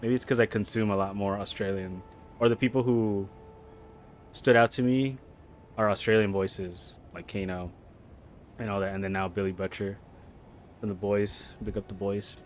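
A man streaming a game live, chatting casually and rambling between loud, excited reactions to the play. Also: on the low side, normal speed, long pauses, faint music behind. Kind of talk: casual live gameplay chat.

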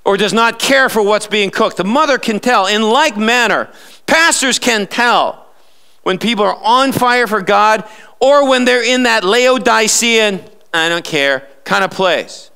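A man's voice: sits high, a little slow, gravelly, bright, forceful tone, clean tone. A male pastor preaching a live sermon in church, emphatic and fond of sarcastic rhetorical questions.

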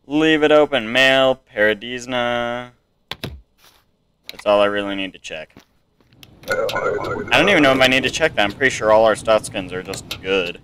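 A man's voice: mid-range voice, moderate pace, long pauses, bright, forceful tone, a little hiss or hum, poor audio. A young man giving casual let's-play commentary, mumbly and hesitant with many ums, sometimes yelping up into panicked no-no-nos. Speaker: gameplay streamer. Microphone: desk mic with webcam.

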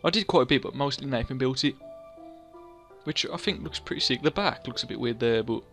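A man's voice: medium pitch, expressive, fairly quick, fairly bright tone, soft background music. A young man, chatting casually over his gameplay, rambling and mocking himself as he scolds himself in the third person. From England. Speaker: gaming channel host.

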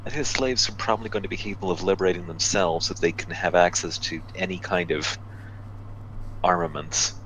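A man playing a tabletop game, talking through plans in a dry, deliberate way. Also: deep voice, fairly even intonation, fairly bright tone, slight background noise, poor audio. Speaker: player. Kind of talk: casual tabletop play.

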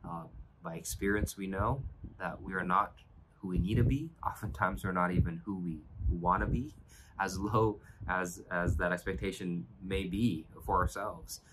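A man's voice: deep voice, moderate pace, noisy background. A man pastor giving an earnest, reflective devotional sermon, often restarting his phrases.

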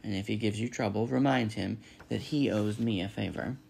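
A man's voice: fairly low pitch, creaky, a little mellow, husky, full character voice. A man reading a storybook, voicing a bossy, protective female goose. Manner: brisk, firm advice-giving.

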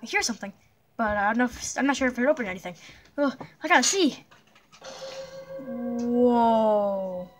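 A woman voicing a jumpy young blocky hero in a cartoon adventure, hesitant, with many nervous pauses and yelps. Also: fairly high pitch, soft background music, close to an everyday voice.

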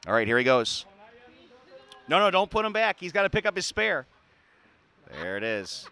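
A man's voice: sits high, big pitch swings, moderate pace, vocal fry, pushed and bright, clear, resonant tone. Playful man doing bowling play-by-play. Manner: playful, chatty, laughs often. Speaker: sports show host. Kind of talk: joking play-by-play commentary. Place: indoor arena.

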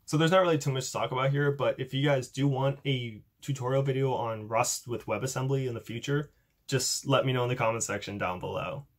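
Young male YouTuber, casual upbeat demo voice, self-deprecating, mid-range pitch. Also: a little fast. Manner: chatty, upbeat, self-deprecating, filler-heavy. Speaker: YouTuber demonstrating a coding project. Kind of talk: casual tech demo vlog.

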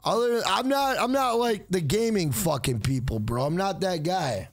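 Brief: cursing streamer guy, very high animated voice, dry mic. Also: moderate pace, dry recording, faint music behind. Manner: loud, profane, joking, reads chat aloud. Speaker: livestream host. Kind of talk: casual livestream chat.

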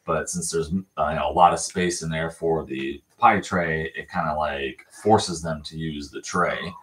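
A man's voice: very deep voice, steady tone, unhurried, fairly bright tone, rough recording. A man hosting a puppy livestream from his home, explaining puppy care in a loose, rambling way with lots of fillers and restarts. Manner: coos baby talk to the puppies. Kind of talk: casual livestream chat. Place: home puppy pen, indoors.

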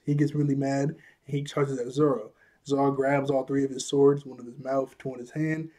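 A man's voice: a little high, fairly even intonation, normal speed, warm tone. A man casually recapping an anime episode, chuckling often and a bit out of breath, with a loose, apologetic way of talking. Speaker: anime reviewer.

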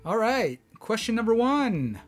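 A man's voice: high-pitched, big pitch swings, faint music behind. A man hosting a trivia game, reading out questions and joking with the players. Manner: playful, reads titles slowly, jokes around. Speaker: trivia host. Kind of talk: casual game show banter.

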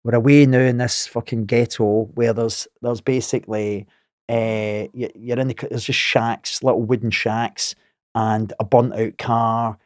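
A middle-aged man with a Glaswegian Scottish accent, a podcast guest telling a story in an animated way, swearing freely and laughing as he talks. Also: medium pitch, a little slow, dry recording, clean studio sound. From Scotland.

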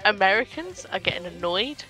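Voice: medium pitch, animated, a little fast, bright, forceful tone, poor audio. Geordie co-commentator, blunt, teasing, swears easily; music under the voice. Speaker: esports co-commentator. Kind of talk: casual live game commentary. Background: background music.

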